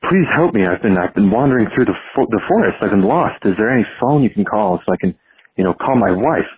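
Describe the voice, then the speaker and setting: A man's voice: on the low side, animated, fast, husky, no room sound. A man voicing a lost, exhausted wanderer begging for help, in a voicemail. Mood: pleading. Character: lost desperate man in the forest. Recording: tinny phone voicemail line.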